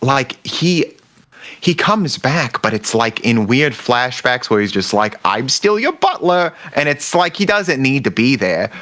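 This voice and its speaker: A man's voice: mid-range voice, animated, unhurried, a bit bright. A man co-hosting a podcast, chatting casually and explaining in an easygoing way. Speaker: podcast co-host. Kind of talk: casual chat.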